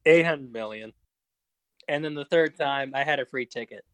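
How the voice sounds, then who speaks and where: A man's voice: medium pitch, moderate pace, no room sound. Eager young male film fan. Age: young adult. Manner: eager, fan-like, stumbling over fillers. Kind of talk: casual film chat.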